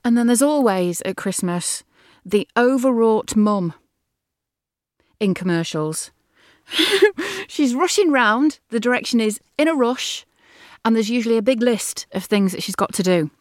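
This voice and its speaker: A woman's voice: fairly high pitch, animated, measured pace, dry recording, clean studio sound. A woman voice actor chatting through a demo of character voices, laughing now and then.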